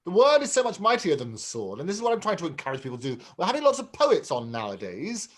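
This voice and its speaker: A man's voice: fairly high pitch, huge pitch swings, fast. A middle-aged man hosting a chat show, enthusiastic and prone to repeating words while he gathers his thoughts. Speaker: host. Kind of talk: casual chat.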